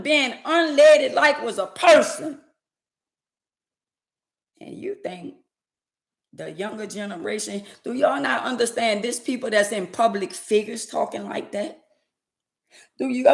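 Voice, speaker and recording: A woman with a fairly high voice rants in slow, drawn-out phrases. She is indignant and emphatic, hammering the same words again and again, and the room echoes around her. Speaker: vlogger. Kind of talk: ranting commentary to camera.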